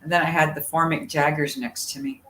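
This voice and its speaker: A woman's voice: low-pitched, brisk, slight background noise. Chatty woman storyteller, roomy sound. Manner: chatty, animated storyteller, many fillers. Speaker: guest. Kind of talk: casual storytelling chat. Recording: roomy sound with faint ambience.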